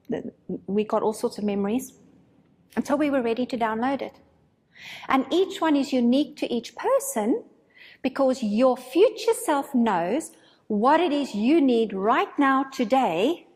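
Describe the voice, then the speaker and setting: Breathy woman recounting, echoing hall. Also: on the high side, normal speed. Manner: animated, dramatizes her own thoughts. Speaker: spiritual course teacher. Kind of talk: casual storytelling.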